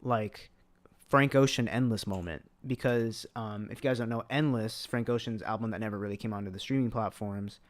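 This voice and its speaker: A young man co-hosting a casual podcast, relaxed and joking, explaining with asides. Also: fairly low pitch, brisk. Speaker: podcast co-host. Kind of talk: casual livestream chat.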